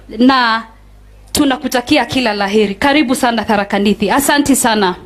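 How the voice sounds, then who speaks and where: A Kenyan woman opening a political rally with a formal welcome and thanks. Her voice is somewhat high, and she pauses now and then with small fillers. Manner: formal, grateful, halting with fillers. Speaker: political aspirant.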